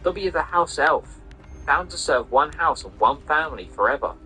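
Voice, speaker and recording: Man putting on a high, pleading house elf. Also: animated, normal speed, pushed and bright, faint music behind, poor audio. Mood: anguished. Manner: high-pitched, pleading, says sir constantly. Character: small earnest male house elf, servile and self-punishing. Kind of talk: reading a novel aloud over gameplay.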